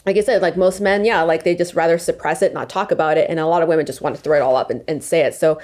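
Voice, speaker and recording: Lower-voiced young woman, chatty. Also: fairly even intonation, very fast, darkish tone. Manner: chatty, heavy "like" and "um" fillers. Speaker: podcast guest, sales rep. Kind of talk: casual podcast conversation.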